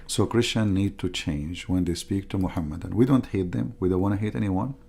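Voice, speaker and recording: A man's voice: sits low, a little fast, gravelly, dark tone, slightly rough. A middle-aged man giving an emphatic, repetitive livestream monologue as a religious debater, in non-native grammar.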